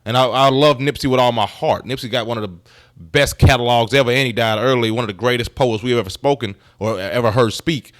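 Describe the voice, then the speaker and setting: A man talks loosely through his own commentary, joking, swearing and wandering into side stories. The sound is dry and close, with no room echo. His pitch sits at an ordinary male middle. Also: fairly quick, a bit bright. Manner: joking, profane, rambling asides. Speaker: commentary channel host. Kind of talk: casual commentary.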